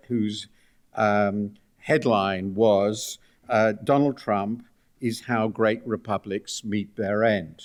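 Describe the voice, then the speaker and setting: An older man giving a book talk at a university, speaking with dry, ironic asides and frequent hesitations. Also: mid-range voice. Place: university lecture room.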